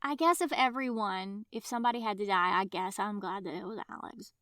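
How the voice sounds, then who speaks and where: A woman co-hosting a book podcast in casual chat, telling things with animated enthusiasm. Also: medium pitch, fairly quick, no room sound, clean studio sound. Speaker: podcast co-host.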